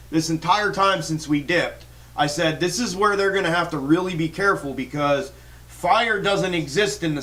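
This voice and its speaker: A man's voice: on the high side, fairly bright tone, poor audio. A man hosting a stock market livestream, talking in a fired-up, rambling way with lots of swearing, restarts and fillers while he answers viewer comments. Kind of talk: casual livestream chat reading viewer comments.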